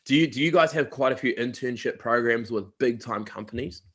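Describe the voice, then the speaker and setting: A man's voice: medium pitch, a little fast, fairly bright tone, husky. A man with a New Zealand accent, a college recruiter, chatting casually as he interviews a guest and shares anecdotes.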